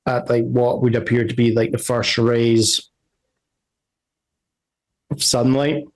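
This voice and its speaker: A man's voice: mid-range voice, little pitch movement, slow, rough recording. A man running a tabletop game as game master, narrating scenes in a rambling way and correcting himself often.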